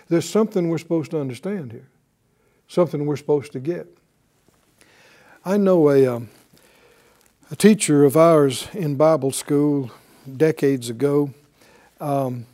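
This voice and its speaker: Slow, mellow-voiced man preaching. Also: a little high. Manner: slow, questioning delivery with audience call-and-response. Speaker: Bible teacher. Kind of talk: sermon.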